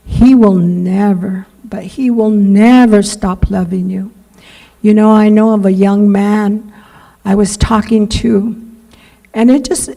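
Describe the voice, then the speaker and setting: A woman preacher delivers an earnest sermon in a church at an unhurried pace. Her voice is warm and dark with a gravelly edge. She pleads with her listeners and stretches out the words she wants to land. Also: medium pitch, rough recording. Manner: earnest, pleading, drawn-out emphasis. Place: church sanctuary.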